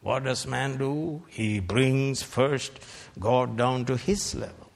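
A man preaching a fiery sermon, rebuking his hearers and bursting into shouted peaks between slow, deliberate lines. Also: medium pitch, creaky. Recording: long hall reverb.

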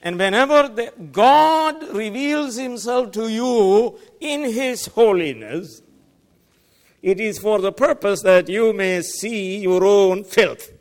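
A man preaching a sermon as pastor, emphatic, swinging between loud declarations and quiet asides. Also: high-pitched, takes it slowly. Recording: long reverb of a large hall.

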